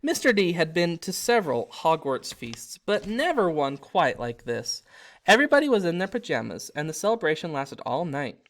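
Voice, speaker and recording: A man reading his own storybook aloud, animated, with occasional slips and self-corrections. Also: a little high, normal speed. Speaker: narrator and author.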